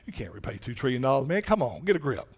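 A man's voice: mid-range voice, very animated, fast talker, slightly rough, pitched below the performer's own voice. A man voicing a stern, powerful king who settles debts, speaking in blunt commands. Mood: harsh.

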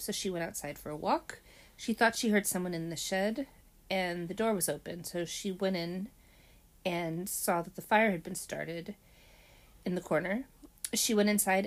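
A woman recapping a TV mystery episode in casual chat, with many ums and animated asides. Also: medium pitch. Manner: chatty, hesitant with frequent ums, animated retelling.

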